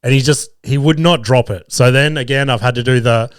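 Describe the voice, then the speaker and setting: A man's voice: mid-range voice, steady tone, a little fast, clear, resonant tone, no echo, studio quality. An Australian man hosting a podcast, telling a family story in a casual, profane, laughing way. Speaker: podcast host; father of two young boys.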